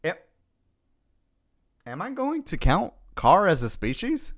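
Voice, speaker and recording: A man streaming live, chatting casually with his viewers, reading their messages aloud and greeting them in a playful way, with lots of giggling and sudden bursts of excitement. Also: high-pitched, slow.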